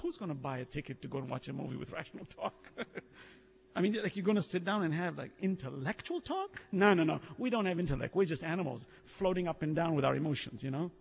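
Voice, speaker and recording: A man preaching a sermon, telling stories in an animated way, acting out the lines of the people he quotes and often laughing. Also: on the high side, fast, vocal fry, a little hiss or hum. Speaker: Islamic preacher. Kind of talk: sermon with storytelling. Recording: long reverb of a hall.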